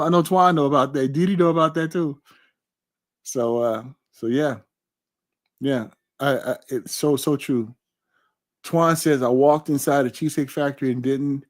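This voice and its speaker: A man hosting a casual live stream, reading viewer comments aloud and answering with slow, repeated affirmations. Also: a little high. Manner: warm, repetitive, emphatic affirmations.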